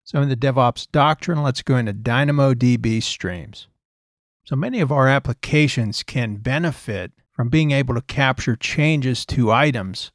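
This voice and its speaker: A male course instructor giving a recorded technical lecture in a steady, explanatory way and stressing key points again and again. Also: mid-range voice, dry recording, studio quality.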